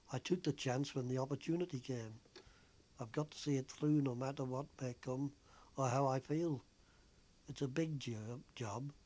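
A man voicing a young, homesick woman nurse who speaks earnestly and with quiet feeling. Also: mid-range voice, lightly acted.

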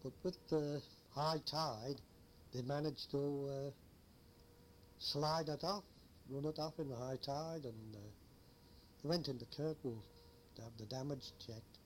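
A man's voice: medium pitch, measured pace, pauses often, a little hiss or hum. An older man, a former lighthouse keeper telling a rambling old story with chuckles. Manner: rambling, chuckling anecdotal teller. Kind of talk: oral history storytelling.

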